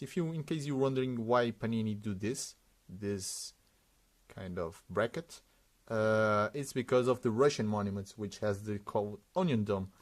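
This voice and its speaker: A man's voice: on the low side, moderate pace. A man hosting a sticker unboxing, giving casual running commentary and reading out names one after another with frequent hesitations.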